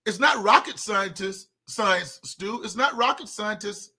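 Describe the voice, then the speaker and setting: A man's voice: high voice, a little slow, pushed and bright, husky. A man co-hosting a sports talk show, arguing emphatically and repeating words as he gets going. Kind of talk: casual sports debate.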